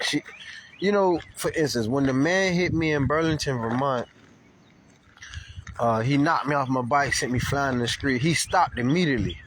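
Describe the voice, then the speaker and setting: A man giving a casual, profane video update, telling stories in a loose, animated way. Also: medium pitch, slight background noise. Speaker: vlogger. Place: Florida.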